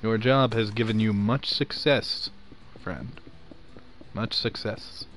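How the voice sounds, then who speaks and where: A man's voice: fairly low pitch, fairly even intonation, takes it slowly, a bit bright, a little hiss or hum. A young man with a slight Southern accent hosting a casual chat, joking around and laughing often. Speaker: podcast host. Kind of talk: casual chat while gaming.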